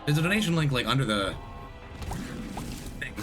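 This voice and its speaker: Still getting over being sick, this male streamer talks his way through a game, wandering off topic and fixing his own words as he addresses viewers. His voice is medium-pitched and expressive at a normal pace, with game music playing clearly underneath.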